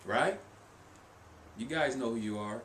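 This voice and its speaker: A man's voice: mid-range voice, measured pace, a bit bright. A man vlogging about language learning in an earnest, casual way, often repeating himself and restarting his sentences. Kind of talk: casual motivational talk to camera. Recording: echoey room with faint noise.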